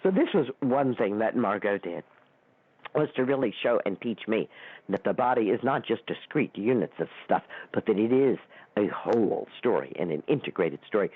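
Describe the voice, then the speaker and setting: A middle-aged woman hosting a radio show, telling stories in an animated way and acting out the voices she quotes. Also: moderate pace, slightly rough, no room sound. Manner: animated, acts out quoted voices with big pitch swings. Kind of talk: storytelling talk. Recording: phone-line sound.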